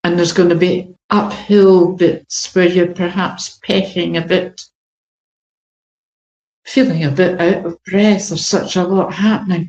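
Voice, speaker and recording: A woman leading a guided meditation in a gentle, flowing way, with long pauses. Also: lowish voice, fairly even intonation. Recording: dull, echoey room recording.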